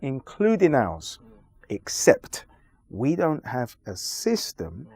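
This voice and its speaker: A man's voice: medium pitch, wildly swooping pitch, slightly rough, dry recording. Emphatic man making his case. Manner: forceful, lecturing, deliberate pauses. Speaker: interview guest. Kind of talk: emphatic conversational argument.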